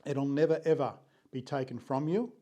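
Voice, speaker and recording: Mellow-voiced older Australian man. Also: mid-range voice, muffled recording. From Sydney, Australia. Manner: unhurried, earnest, frequent throat clearing. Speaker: photographer. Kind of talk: reflective storytelling vlog.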